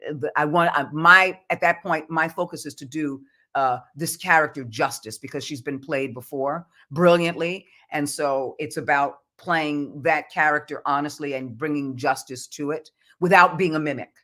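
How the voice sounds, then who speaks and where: Woman voice actor guest on a podcast; bright and forceful, earnest and reflective. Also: low-pitched, normal speed, few pauses. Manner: earnest, reflective, speaks of faith. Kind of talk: podcast interview.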